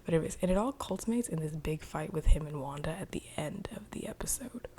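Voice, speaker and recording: A woman's voice: low-pitched, expressive, fast, warm tone, slight background noise. A young woman casually recapping a TV episode in a chatty, rambling way, full of "like.". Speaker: video reviewer.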